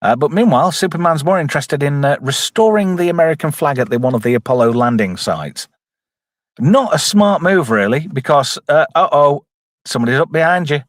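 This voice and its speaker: Fairly high-pitched and animated, a male streamer talks briskly over a film in clean, dry studio audio. He jokes around casually, reads messages from chat aloud and slips into goofy voices.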